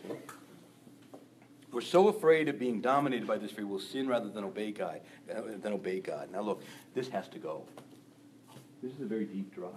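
A male preacher delivering a sermon in an animated way, acting out quick voices of people he describes. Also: lowish voice, slight background noise. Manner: animated, acts out gossiping voices.

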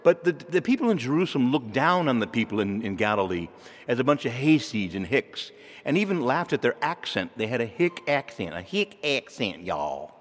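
Male preacher, lively pitch, chatty sermon delivery, echoing church hall. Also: brisk. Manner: conversational, animated, asks the listeners questions. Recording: long reverb of a large hall.

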